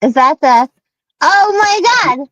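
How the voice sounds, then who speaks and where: A woman's voice: sits high, expressive, slow, a bit bright, no echo, low-quality recording. A woman streaming live, chatting casually, self-deprecating and swearing, laughing often. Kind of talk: casual chat on a livestream.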